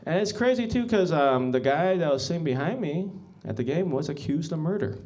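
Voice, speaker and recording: A man performs stand-up on a club stage. His voice sits a little high and leaps all over the place. He rambles through deadpan stories, padding them with ums and asides to the crowd. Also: a little fast. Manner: rambling deadpan storytelling with many ums, often says "guys". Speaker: stand-up comedian. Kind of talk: stand-up set.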